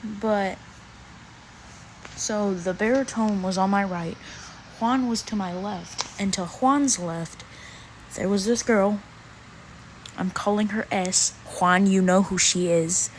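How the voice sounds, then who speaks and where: A teenage girl vlogger tells a storytime rant in a medium-pitched voice, sounding casual, exasperated, and slangy. She leaves drawn-out pauses. The recording is rough, with slight background noise.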